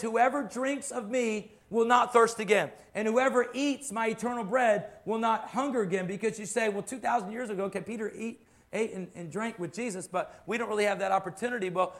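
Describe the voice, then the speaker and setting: A man's voice: high voice, steady tone, brisk, a bit bright. A man preaching a sermon to his congregation, impassioned and fond of repeating phrases for emphasis. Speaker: pastor.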